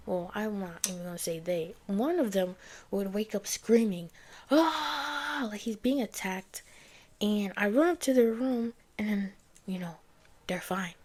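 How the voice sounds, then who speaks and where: A young woman recounts her own story in loose, conversational talk, full of "like" and "y'all". Her voice often sinks to a soft near-whisper. Her pitch sits in a middle range for a woman. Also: husky. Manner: chatty, heavy use of "like" and "y'all", often drops to a near-whisper. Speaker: vlogger sharing a faith testimony. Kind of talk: casual personal storytelling.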